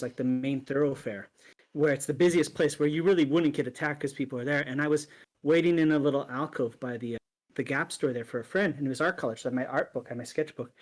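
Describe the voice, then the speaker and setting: A man in a casual chat, telling a story and acting out the quotes with lively energy. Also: on the high side.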